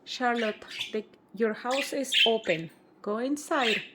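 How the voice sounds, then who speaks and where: A woman's voice: slow, background noise. Woman cooing baby talk at budgies. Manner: coaxing baby talk to birds, high and sing-song. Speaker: pet bird owner filming her budgies. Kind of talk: casual vlog talking to pet birds. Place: home, indoors by bird cages. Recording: loud bird chirping behind.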